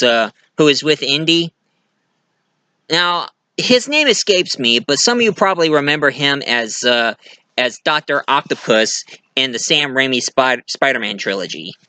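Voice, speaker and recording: A man rambles casually through a movie review, chatty, restarting sentences often. His voice sits a little high and bright, and the recording is close and dry. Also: smooth, no room sound. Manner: rambling, chatty, many restarts, laughs at own jokes. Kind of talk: casual film review monologue.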